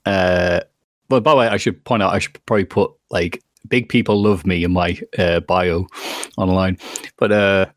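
A man's voice: low-pitched, fairly even intonation, normal speed, no echo, studio quality. A man in his thirties with an English accent, chatting on a podcast and rambling through a story with lots of laughter. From England. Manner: rambling storyteller, laughing often, acting out quotes. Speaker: podcast co-host. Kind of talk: casual chat.

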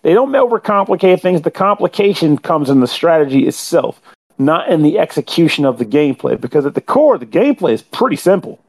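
A man with a higher-than-usual voice gives a long, talkative podcast game review. He is wordy and often corrects himself mid-sentence, speaking in a casual way. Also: sing-song, fairly quick, a little mellow.

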